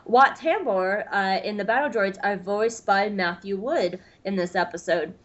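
A woman's voice: mid-range voice, unhurried, muffled recording. A woman co-hosting a podcast, chatting casually and reading episode recaps. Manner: chatty, filler-heavy, reads summaries. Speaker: podcast co-host.

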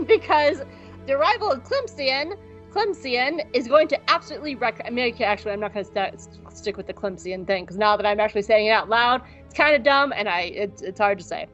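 Brisk, expressive and fairly bright, with a fairly high pitch, a woman co-hosts a podcast. Her casual recap is rambling and jokey with plenty of swearing, over dull lo-fi audio and faint music.

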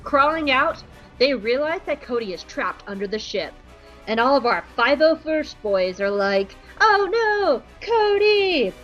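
A woman's voice: fairly high pitch, lively intonation, moderate pace, a bit bright, dull audio, soft background music. A woman podcast host giving a casual, sarcastic and playful episode recap. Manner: sarcastic and playful, jumps into voices.

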